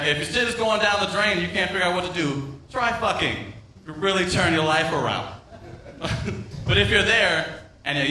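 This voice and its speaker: A man's voice: on the high side, sharp tone, slight background noise. A man doing a rambling, profane stand-up set, teasing the crowd on a club stage. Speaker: stand-up comedian. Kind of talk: open-mic stand-up set. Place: comedy club stage with live audience. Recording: echoey room, voice a bit far from mic.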